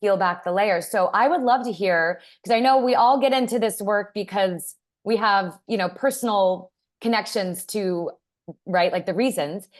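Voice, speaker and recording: A woman hosting a podcast, speaking in a reflective, gently inviting way. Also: medium pitch, normal speed. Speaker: podcast host. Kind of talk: casual interview.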